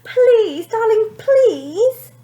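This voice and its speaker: A woman's voice: very high-pitched, expressive, extremely slow, mellow, reverberant, muffled recording, pitched above the performer's own voice, exaggerated voice. A woman voicing an anxious mother who coaxes and pleads with her spoiled daughter. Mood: pleading. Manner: coaxing, pleading.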